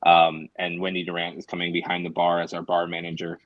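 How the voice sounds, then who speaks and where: A man's voice: low voice, monotone, a little fast, no echo, lo-fi sound. A man chatting enthusiastically on a theater panel, with many fillers. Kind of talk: casual panel chat.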